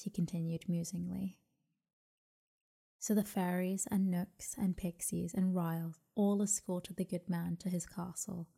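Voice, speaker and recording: A woman reads a bedtime story in a soft, half-whispered voice meant to lull. Her tone is low and mellow, and she keeps an even, gentle delivery with little rise and fall. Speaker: sleep story narrator.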